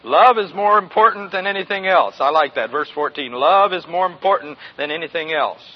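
Husky high-voiced older male preacher. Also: expressive, a little fast. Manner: folksy, questions the congregation, chuckles often. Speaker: pastor. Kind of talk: sermon. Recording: dull lo-fi recording.

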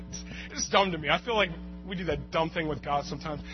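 High-voiced guy preaching, goes quiet then shouts, dull muffled sound w music under it. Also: brisk. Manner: animated, swings from quiet asides to loud shouts. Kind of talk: sermon. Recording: muffled recording with music and hum.

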